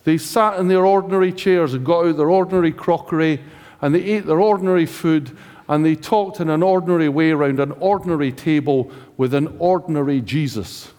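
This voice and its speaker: Preaching a chatty, joking sermon, a British man frequently turns questions to his congregation in a reverberant church hall. His voice is a little high and a little mellow, and he talks briskly.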